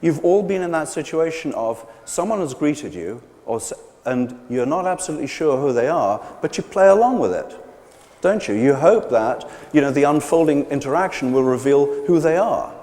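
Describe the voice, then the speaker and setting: Lively man lecturing in echoing hall. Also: fairly high pitch, normal speed. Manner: animated, hesitant with many fillers and restarts. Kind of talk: live public lecture. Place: large gallery pavilion. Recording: long hall reverb.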